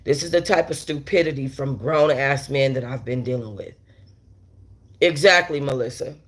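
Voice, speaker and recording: A woman's voice: a bass voice, moderate pace. A woman hosting a casual livestream, telling a story bluntly and with plenty of profanity while talking straight to her viewers and reading their chat. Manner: talks straight to viewers with many asides.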